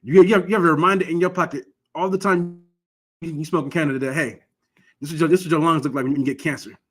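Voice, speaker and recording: A man's voice: a little high, fairly even intonation, quick pace, slightly rough. A man from Michigan giving an informal, earnest class on religious law, urging listeners directly and often restarting his phrases. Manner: earnest, exhortative, frequent restarts. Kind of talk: informal scripture teaching.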